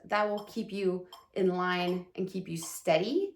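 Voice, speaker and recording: A woman talks through a viola lesson in a relaxed, chatty way, counting beats and humming rhythms between passages. Her voice sits in a middle range and rings in a roomy, echoey space. Clear viola playing and a ticking metronome are heard behind her. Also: medium pitch, normal speed, few pauses, soft background music. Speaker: viola teacher. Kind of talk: casual music lesson while playing. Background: her own viola playing and a metronome.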